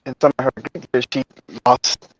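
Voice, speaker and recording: A man calling in to a live stream, speaking haltingly and reflectively with many fillers. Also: no room sound. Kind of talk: casual call-in chat. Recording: dull, dry call audio.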